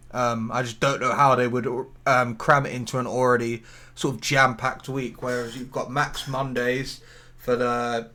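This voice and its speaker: A man's voice: medium pitch, bright, forceful tone. Rambling chatty man. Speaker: podcast co-host. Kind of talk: casual chat.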